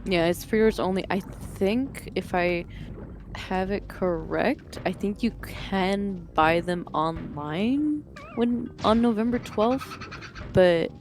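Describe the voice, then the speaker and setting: A woman's voice: medium pitch, slow pace, music in the background. A woman co-hosting a gaming stream, answering questions in a matter-of-fact, dry way. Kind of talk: casual chat.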